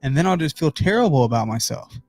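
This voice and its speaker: A man's voice: fairly high pitch, animated, fast, a little mellow, no room sound, soft background music. A man hosting a motivational business talk from his home office, speaking emphatically and addressing viewers directly. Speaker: host.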